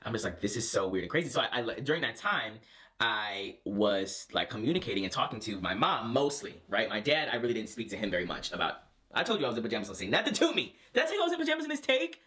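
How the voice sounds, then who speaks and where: Animated young man telling a personal story. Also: lowish voice, quick pace. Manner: animated, lots of fillers and restarts. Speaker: vlogger. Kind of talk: casual storytelling.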